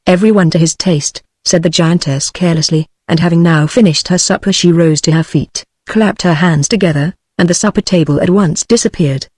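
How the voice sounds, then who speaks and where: A text-to-speech woman's voice with a British accent, reading a book aloud in an even, unhurried way. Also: fairly low pitch, husky, dry recording, studio quality. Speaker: narrator. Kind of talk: audiobook reading.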